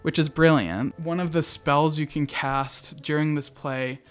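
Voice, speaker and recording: Male host, casual game-review chatter, smooth clear voice, eager and a bit profane, faint music underneath. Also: a little high, a little slow. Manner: excitable, chatty, swears casually. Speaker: video essay host.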